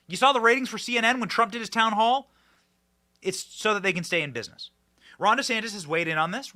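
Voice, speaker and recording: A man hosting a political commentary show, talking in an animated, emphatic and mocking way, often repeating his words. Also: sits high. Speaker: podcast host.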